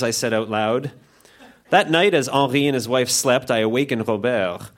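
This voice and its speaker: A man's voice: medium pitch, normal speed. A man on stage at a live show, reading aloud stories he wrote as a child and jumping into put-on voices for the characters. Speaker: reader at a live storytelling show.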